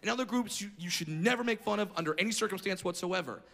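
A man doing stand-up comedy with a brash, profane delivery who shouts his punchlines. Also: sits high, fast talker, gravelly.

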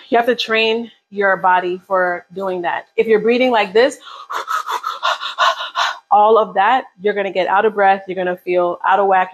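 A woman's voice: medium pitch, highs cut off. A woman leading a live beginner workout, coaching casually and encouragingly while counting down reps. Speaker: fitness instructor.

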